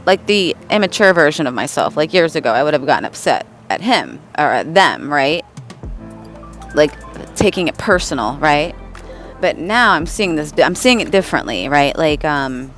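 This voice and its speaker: Woman, low voice, rambling casual vlog talk, soft music underneath. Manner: rambling, restarts often, frequent "right?". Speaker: channeler and astrology vlogger. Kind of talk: casual spiritual vlog with read-aloud horoscopes.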